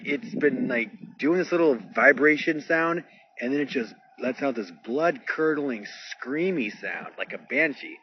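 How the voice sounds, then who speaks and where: A man filming in an open field in stormy weather and talking to someone on the phone, uneasy about a strange sound. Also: on the high side. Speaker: vlogger filming outdoors. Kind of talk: casual live narration to a phone call. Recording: dull phone recording with loud outdoor noise.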